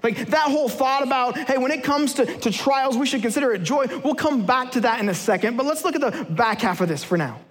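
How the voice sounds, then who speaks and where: A man's voice: very high-pitched, animated, a little fast, few pauses. A man giving a sermon as a guest preacher, humorous and conversational, playfully acting out everyday scenes for his audience. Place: large church hall with live audience. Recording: long hall reverb.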